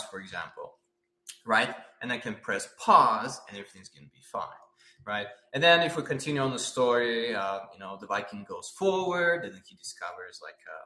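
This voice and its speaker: Guy teaching storyboarding on a livestream, bright voice, keeps asking questions and saying right?, roomy echo. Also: medium pitch. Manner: animated, asks many rhetorical questions, uses "right?" often. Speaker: concept artist teaching storyboarding. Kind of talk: live-stream art lecture.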